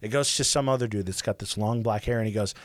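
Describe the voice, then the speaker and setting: A man's voice: lowish voice, fast, no echo. Profane young man telling a rant. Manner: profane, animated ranting with many fillers. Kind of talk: casual storytelling chat.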